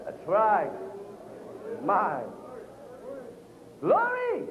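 Male preacher, high-pitched and fervent, full of amens; echoey, phone-thin church recording. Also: huge pitch swings, very slow, muffled recording, a crowd in the background. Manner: fervent, punctuated with frequent amens. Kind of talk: sermon.

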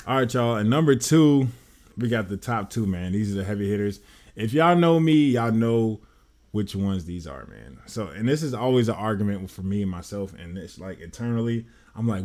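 A man's voice: lowish voice, darkish tone. American guy hyping up perfumes, loose and chatty, keeps saying y'all. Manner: enthusiastic, rambling, says "man" and "y'all" often. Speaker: fragrance reviewer. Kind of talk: casual review vlog.

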